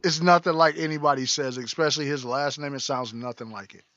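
A man co-hosting a podcast, talking in a relaxed, chatty way and going off on tangents. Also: medium pitch, brisk, no echo, dull audio. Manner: relaxed, chatty, many agreeing murmurs. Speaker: podcast co-host. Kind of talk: casual chat.

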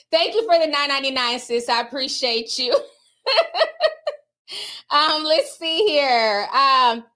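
A woman's voice: high voice, normal speed, sharp tone. A woman livestreamer reading out viewer donations in a casual, candid and outspoken way.

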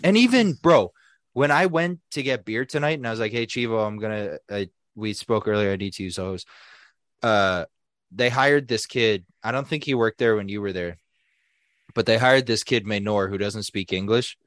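A young adult man co-hosting a podcast, telling a story in a casual, animated way, swearing freely and acting out what other people said. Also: lowish voice, moderate pace, no echo, clean studio sound. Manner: animated, profane, acts out quoted people. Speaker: podcast co-host.

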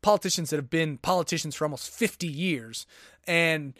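A man's voice: a little high, a little fast, fairly bright tone, dry recording, clean studio sound. A man hosting a podcast alone, giving a sarcastic, rambling rant in casual commentary. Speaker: podcast host.

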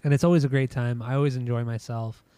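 Mellow rambling podcast host, man. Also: mid-range voice, fast, smooth, dry recording. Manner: rambling, repeats himself, relaxed. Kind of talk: casual podcast album review.

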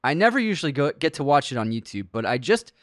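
A man's voice: mid-range voice, sing-song, fast talker, fairly bright tone, no room sound. Laughing male podcast co-host, dry mic. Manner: laughs while reading listener comments aloud. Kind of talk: casual podcast chat.

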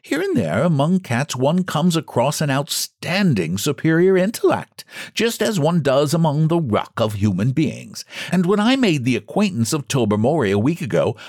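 A proud scientist patiently lecturing his doubters, as a man reads him. His delivery is precise and measured, with lively rises and falls. The recording is close and dry. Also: mid-range voice, no room sound, voice pushed up.

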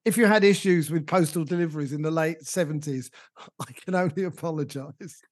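A man's voice: fairly high pitch, a little fast, a little mellow. A man with a British English accent, co-hosting a podcast and telling rambling comic anecdotes with chuckles. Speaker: podcast co-host. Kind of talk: casual chat.

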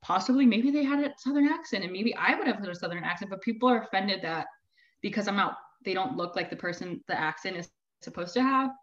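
A woman's voice: mid-range voice, expressive, fast. A woman from Maryland with a Maryland accent, a podcast guest talking casually in a blunt, offhand way. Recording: dull, lo-fi remote podcast audio.

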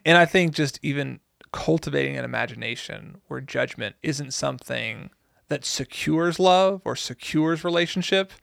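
A man co-hosting a podcast who talks about a Bible book in an animated, emphatic way and agrees readily. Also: a little high, normal speed, vocal fry, dry recording, studio quality. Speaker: podcast co-host. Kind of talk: casual conversation about the Bible.

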